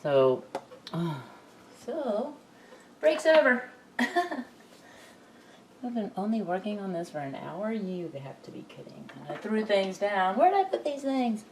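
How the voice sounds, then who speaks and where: A woman's voice: mid-range voice, very animated, slow pace, long pauses, slight background noise. A woman vlogger at home, thinking aloud in a rambling, chuckling way while she repairs her computer. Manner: rambling, self-talking, chuckling. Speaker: crafting vlogger. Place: home room.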